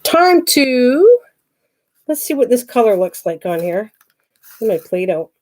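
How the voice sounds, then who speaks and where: A woman's voice: lowish voice, expressive, moderate pace, warm tone. Chatty older woman crafting live. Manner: chatty, thinks aloud, greets viewers by name. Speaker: craft channel host. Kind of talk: casual livestream chat while crafting.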